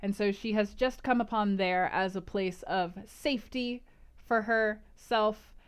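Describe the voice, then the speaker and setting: A woman's voice: mid-range voice, a little slow, clean tone. A woman streaming, chatting with her viewers and reading a novel aloud in a bubbly, giggly way. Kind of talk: casual stream chat and read-aloud narration.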